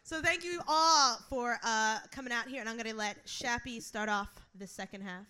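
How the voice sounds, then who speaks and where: A woman's voice: on the high side, normal speed, bright, forceful tone, smooth. A woman guest-hosting a live poetry slam, enthusiastic and casual, swearing freely. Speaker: guest host. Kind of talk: live stage banter.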